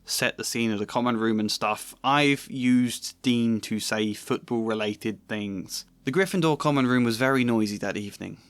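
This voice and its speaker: A man's voice: medium pitch, fairly bright tone, no room sound. Man musing in a video essay. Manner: reflective, self-questioning, occasional laughs. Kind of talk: analytical video essay with read-aloud excerpts.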